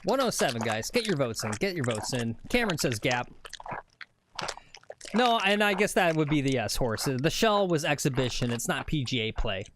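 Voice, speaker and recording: A man's voice: mid-range voice, sing-song, normal speed, background noise. A man hosting a casual golf livestream, chatting and rambling as he reads viewer comments aloud. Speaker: livestream host.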